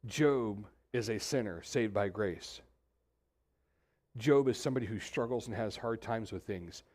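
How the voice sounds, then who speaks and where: Animated pastor preaching. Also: male voice, mid-range voice. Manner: animated, conversational, talks straight to the congregation. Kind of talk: sermon. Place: church sanctuary.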